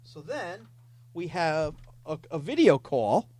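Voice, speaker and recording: Animated man with a lively voice. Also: fairly high pitch, takes it slowly. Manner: animated, playful, mock-dramatic quotes. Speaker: podcast host reading scam chats. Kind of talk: comic storytelling, reading chat logs aloud.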